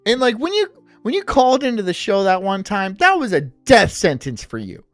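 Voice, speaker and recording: A woman's voice: mid-range voice, huge pitch swings, normal speed, no echo, soft background music. A woman hosting a casual reaction stream who teases and jokes crudely. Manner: crude, teasing, giggly. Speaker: streamer host.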